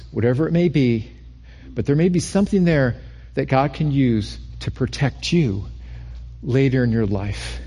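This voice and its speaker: Husky-voiced preacher, chatty restarts. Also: male voice, a little high, mellow. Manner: conversational preaching with repeated restarts and rising emphasis. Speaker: pastor. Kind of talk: sermon.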